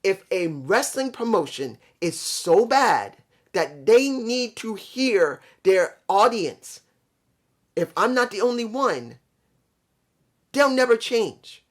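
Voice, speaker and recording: A man's voice: high-pitched, big pitch swings, takes it slowly. A man from New York reviewing a wrestling show, talking bluntly and profanely, venting his frustration and talking straight to his subscribers. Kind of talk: ranting casual review.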